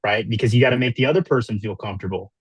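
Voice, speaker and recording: A man's voice: on the low side, rapid-fire, breathy edge, dry recording. A man telling stories as a podcast guest, laughing easily and filling his talk with ums. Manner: storytelling, laughs easily, many fillers. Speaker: guest, wrestler and former news reporter. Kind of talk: casual interview chat.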